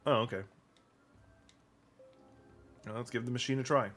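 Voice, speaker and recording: A man's voice: mid-range voice, moderate pace, a bit bright, faint music behind. Rambling, offhand let's play man. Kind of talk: casual gameplay commentary.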